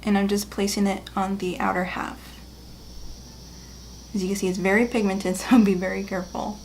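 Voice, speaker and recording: A woman's voice: medium pitch, level tone, normal speed, a little mellow, slight background noise. A woman beauty vlogger talking viewers through a makeup tutorial in a chatty, upbeat way. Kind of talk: casual makeup tutorial narration.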